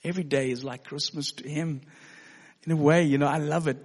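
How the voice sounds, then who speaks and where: A pastor telling a personal story in a sermon, earnest and given to laughing. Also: male voice, on the high side, steady tone, a little fast. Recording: long hall reverb.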